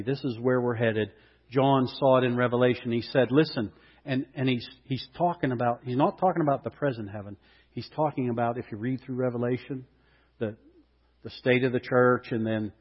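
Male pastor, earnest sermon, emphatic peaks, long hall reverb, dull lo-fi sound. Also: mid-range voice. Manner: earnest, builds to emphatic peaks, reads scripture aloud. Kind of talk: Easter sermon.

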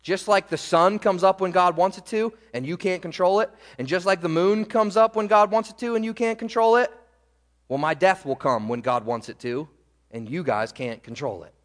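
A middle-aged male pastor preaching a sermon in a church, animated, asking the congregation rhetorical questions. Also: high voice, moderate pace, big-room sound. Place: church sanctuary.

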